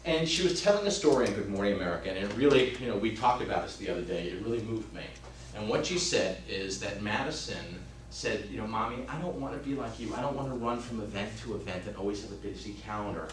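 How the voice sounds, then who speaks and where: A man in his fifties giving an emphatic motivational talk as a real estate trainer, swinging between loud urging and hushed storytelling. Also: on the low side, animated, quick pace. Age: 50s. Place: training room. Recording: roomy, distant mic, faint hum.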